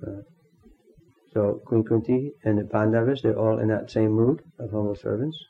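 A man teaching a devotional class in a halting way, pausing often and clearing his throat. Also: lowish voice, narrow, tinny audio, slight background noise. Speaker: spiritual teacher.

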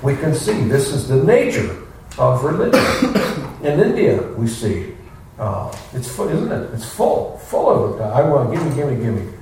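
Male class leader, folksy and rhetorical, gravelly voice with lively swings in pitch, far from the mic in a very echoey room. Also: unhurried. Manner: folksy, rhetorical questions, acts out quotes. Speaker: spiritual teacher giving a class. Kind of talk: informal scripture class. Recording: echoey room, distant mic, faint noise.

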